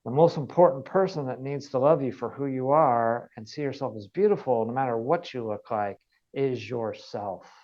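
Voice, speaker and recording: A man's voice: medium pitch, normal speed, darkish tone. Give me an earnest male wellness coach teaching a motivational lesson, recorded with a muffled, lo-fi sound. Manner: earnest, repeats phrases for emphasis. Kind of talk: motivational training talk.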